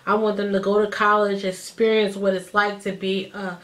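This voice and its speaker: A woman in her thirties, telling a personal story to the camera in a chatty, animated way and acting out what others said. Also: medium pitch, moderate pace. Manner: animated, chatty, acts out quotes. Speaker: vlogger. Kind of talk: casual storytime.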